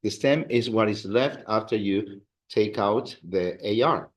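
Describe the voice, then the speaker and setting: A man teaching a class, explaining verb endings patiently and drilling students in a classroom. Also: lowish voice. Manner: slow, patient, drills students with call-and-response. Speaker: Spanish teacher. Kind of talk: classroom lesson.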